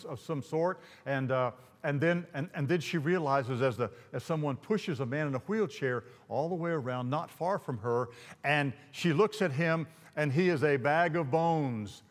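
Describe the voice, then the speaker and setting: A male pastor telling a story from the pulpit, animated and rambling, often restarting his sentences. His voice sits a little high for a man, and the long reverb of a large hall trails after each phrase. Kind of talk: sermon storytelling.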